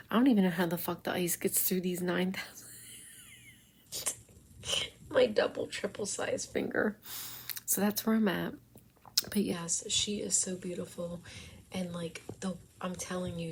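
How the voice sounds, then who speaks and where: A woman's voice: on the low side, a little hiss or hum. A woman telling a rambling story in a casual vlog, swearing often, breaking into giggles and sometimes dropping to a whisper. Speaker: vlogger.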